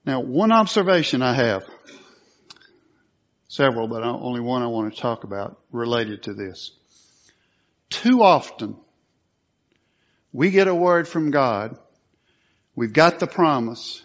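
Brief: preacher, man, mid-pitched, earnest sermon, muffled lo-fi sound. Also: expressive, slow, pauses often. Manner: earnest, rising to forceful emphasis. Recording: dull lo-fi recording.

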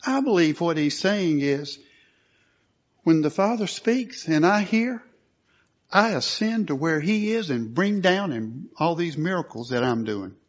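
A man preaching a sermon, earnest and at times forceful, on a dull lo-fi recording. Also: high voice. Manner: earnest, rising to forceful emphasis.

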